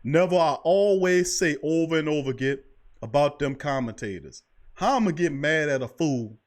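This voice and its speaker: A man's voice: fairly high pitch, expressive, normal speed. A man hosting a sports talk show, speaking in an impassioned, preachy way and repeating himself for emphasis. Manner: preachy, emphatic, repeats "I'm telling you". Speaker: podcast host.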